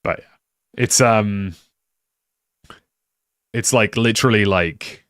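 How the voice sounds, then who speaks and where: A man's voice: on the low side, slow, fairly bright tone, smooth, no room sound, studio quality. A young British man chatting casually on a live stream, rambling with lots of "like" and restarts. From United Kingdom.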